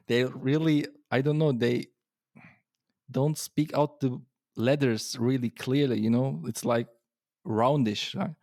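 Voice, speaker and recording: Chatty podcast host, dry close sound. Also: male voice, medium pitch, fairly even intonation, takes it slowly, darkish tone, no room sound. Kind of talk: casual interview chat.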